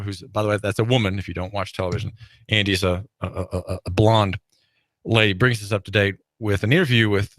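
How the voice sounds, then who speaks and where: A man's voice: fairly low pitch, a bit bright, no echo. A man hosting a talk radio show, rambling through a monologue with many fillers, restarts and wry chuckles. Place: radio studio.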